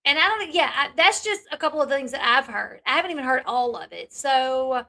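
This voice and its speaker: A woman's voice: high voice, lively intonation, fairly quick, sharp tone. A woman hosting a reaction channel, commenting bluntly and sarcastically on clips she plays.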